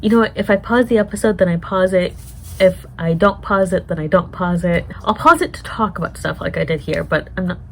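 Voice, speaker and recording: A woman's voice: on the low side, a little fast, a little hiss or hum, low-quality recording. A woman vlogger reacting to a TV show in casual chat, emotional and swearing often as she talks to herself.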